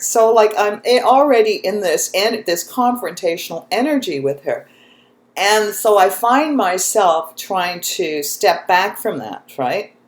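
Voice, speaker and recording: A woman chatting casually and telling a personal story in an animated way, laughing often. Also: medium pitch, unhurried, echoey room. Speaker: host, spiritual channel.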